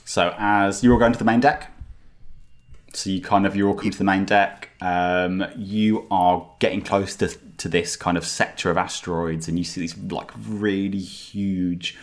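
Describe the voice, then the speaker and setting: Low-voiced male game master. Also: little pitch movement, normal speed. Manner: rambling, filler-heavy description. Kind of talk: narrating a tabletop game.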